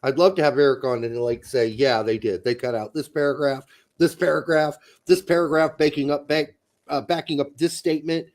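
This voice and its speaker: A man co-hosting a casual soccer talk show, profane and animated, bursting into loud mock rants. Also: a little high, fairly quick. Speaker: podcast co-host. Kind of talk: casual chat.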